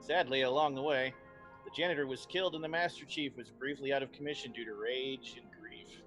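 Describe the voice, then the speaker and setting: A man's voice: medium pitch, fairly even intonation, fairly quick, fairly bright tone, soft background music. A man directing a tabletop horror game, opening with a theatrical, spooky storyteller recap and then reading the show's plugs. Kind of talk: horror show host intro.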